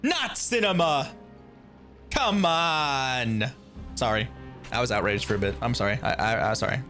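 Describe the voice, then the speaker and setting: Animated man reacting to a game. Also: medium pitch, moderate pace, soft background music. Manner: animated, exasperated outbursts. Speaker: virtual streamer reacting to a game. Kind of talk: casual gaming reaction.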